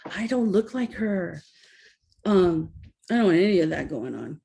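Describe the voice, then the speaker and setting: Mellow, gravelly woman telling classroom stories. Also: lowish voice, unhurried. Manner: animated storytelling, acting out quoted voices. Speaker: educator giving a talk. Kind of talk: presentation with anecdotes.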